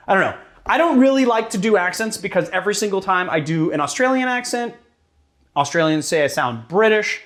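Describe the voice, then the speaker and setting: A man's voice: high voice, fairly quick, a bit bright. A man hosting a cocktail show, chatting casually and joking while he mixes and tastes a drink. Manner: casual and joking, with fillers and curses. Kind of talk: casual cocktail demo and tasting.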